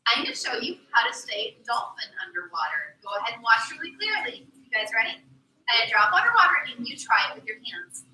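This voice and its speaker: A young woman performing as a mermaid, teaching children in an animated, sing-song way at a live aquarium show. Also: a little high, fairly quick, a little hiss or hum. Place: aquarium tank area with audience. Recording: echoey room from far off, faint ambience.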